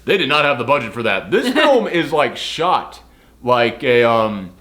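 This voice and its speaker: A man's voice: medium pitch, very animated, a little slow, fairly bright tone. A man chatting casually as he reviews a film, rambling with lots of fillers.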